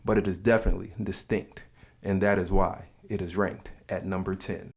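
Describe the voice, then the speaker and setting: A man with a notably low, deep voice narrates an explainer video. His delivery is casual and opinionated, like someone sharing his own views while reading a script. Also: fairly even intonation, moderate pace, gravelly, background noise. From Southern United States.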